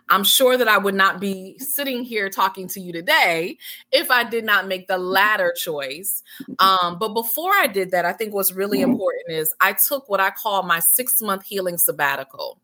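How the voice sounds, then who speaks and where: A woman in her forties, an interview guest, telling a candid personal story in an animated way, acting out past conversations. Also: normal speed. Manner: animated, acts out past dialogue with big pitch jumps. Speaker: interview guest, healing center founder.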